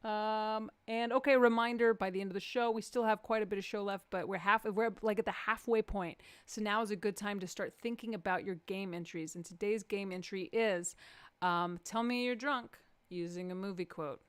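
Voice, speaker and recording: A woman comedian hosting a live stream, joking playfully with the audience and jumping into excited quoted voices. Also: mid-range voice, normal speed, smooth, no room sound.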